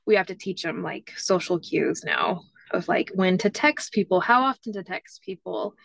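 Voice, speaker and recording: A woman's voice: on the low side, normal speed, creaky, a bit bright, no room sound. A woman guest telling family stories in a casual chat, leaning on "like" and "you know" as she talks. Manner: chatty, many "like" fillers. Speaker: interview guest.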